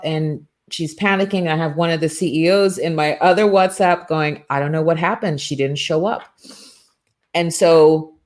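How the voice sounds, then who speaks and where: A middle-aged woman with a low voice hosts a motivational morning show. She talks casually and tells her story in an animated way, full of asides and remarks. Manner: animated storytelling with frequent asides and self-quotes.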